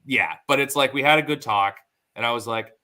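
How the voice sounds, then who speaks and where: Bright-voiced man telling animated stories. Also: mid-range voice, a little fast. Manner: animated storyteller acting out quotes. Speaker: podcast host. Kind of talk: casual podcast chat.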